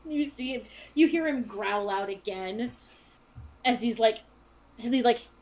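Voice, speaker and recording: A woman's voice: a little high, a little slow, darkish tone. A woman running a tabletop role-playing game as dungeon master, narrating scenes and voicing the townsfolk.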